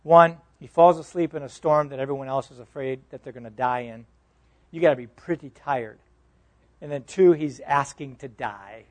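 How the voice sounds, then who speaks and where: A man with a fairly high voice teaches a Bible class as a pastor. He is animated and conversational, tosses questions to his listeners, and often doubles back on his own words mid-sentence. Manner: animated, quizzes listeners, repeats and restarts words.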